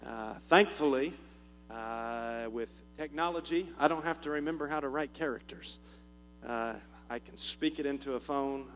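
A man's voice: medium pitch, moderate pace, a bit bright. Folksy Southern man in a reverberant church. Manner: folksy, joking, chuckles often, many "uh" fillers. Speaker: missionary speaking to a church. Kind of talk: informal church talk with humor. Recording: long reverb with faint music and mains hum.

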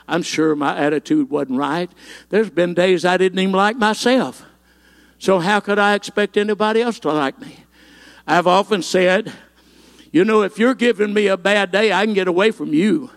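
A man's voice: sits high, creaky, a bit bright. A man pastor, preaching a fervent sermon and stringing phrases together with rhythmic "uh" fillers.

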